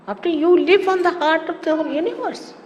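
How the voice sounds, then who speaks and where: A woman giving a spiritual talk to followers, animated and teasing with amused asides. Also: very high-pitched, brisk. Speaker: spiritual teacher. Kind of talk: sermon-style spiritual talk. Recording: echoey hall with faint hiss, archive 1989 tape.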